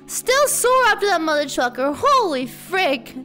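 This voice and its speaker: A woman with a very high, sharp, bright voice chats playfully with her live-stream viewers. Her voice is slightly sore and strained, and faint music plays behind her. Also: measured pace. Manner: bubbly, playful, greets chat excitedly. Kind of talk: casual live-stream chat.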